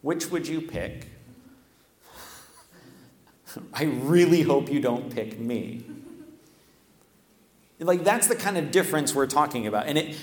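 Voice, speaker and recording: A man delivers a sermon from a church microphone at an everyday middle pitch. He speaks casually and conversationally, tossing in "right?" to keep the congregation with him. His voice rings through a big, echoey church hall with a long reverb tail. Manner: conversational, often tags "right?". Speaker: preacher. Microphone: stands at a microphone.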